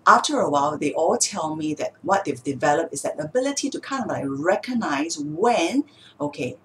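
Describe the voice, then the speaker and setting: A woman's voice: sits low, slight background noise, low-quality recording. A woman speech therapist explaining techniques to viewers patiently, step by step with examples. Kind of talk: explanatory video talk.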